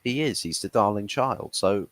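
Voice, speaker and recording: A low-voiced man hosts a football chat, ranting casually and acting out players and managers in quick bits of dialogue. He restarts his sentences often as his points tumble out. The sound is close and dry. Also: dry recording. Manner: animated, acts out quoted dialogue, frequent restarts. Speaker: football channel host. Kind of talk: casual chat, opinionated rant.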